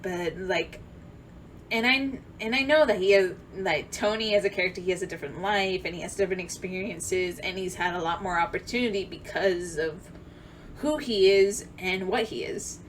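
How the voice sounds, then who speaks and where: A young woman telling a rambling, emotional story-time vlog, full of fillers and restarts, swinging from loud excited outbursts to quiet near-tearful talk. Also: lowish voice, moderate pace, slight background noise. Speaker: vlogger.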